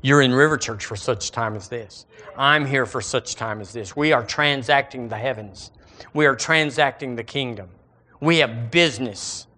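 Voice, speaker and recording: Animated preacher man. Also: mid-range voice, moderate pace. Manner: animated, rhetorical, calls on the congregation to repeat after him. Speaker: pastor. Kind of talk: sermon.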